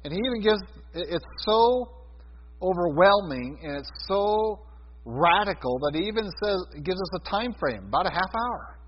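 A man preaching a sermon on prophecy, talking with many fillers, sometimes loud and sometimes soft. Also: sits high, animated, moderate pace, a little hiss or hum. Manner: conversational teaching with many fillers and swings in loudness. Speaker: Bible teacher. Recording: dull sound with a long hall reverb.

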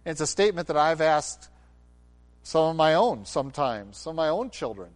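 A man's voice: a little high, sing-song, moderate pace. A middle-aged man preaching a sermon, with acted quotes and passionate, rising delivery. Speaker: pastor.

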